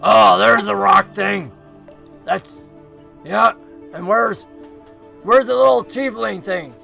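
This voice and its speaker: A man voicing a huge male werewolf who speaks loudly in a guttural, growling voice. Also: sits high, slow, gravelly, faint music behind, pitched above the performer's own voice, exaggerated voice. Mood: gruff, calling out. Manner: loud, calls out to the group.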